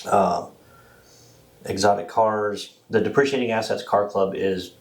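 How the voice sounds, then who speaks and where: A man hosting a podcast, talking casually in a rambling, animated way. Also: fairly low pitch, measured pace, rough recording. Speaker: podcast host. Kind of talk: casual chat.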